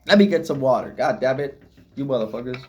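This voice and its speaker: A man's voice: mid-range voice, brisk, dark tone, dull audio, slight background noise. A young man rambling philosophically in a casual solo vlog, swearing often and laughing at himself. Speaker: vlogger.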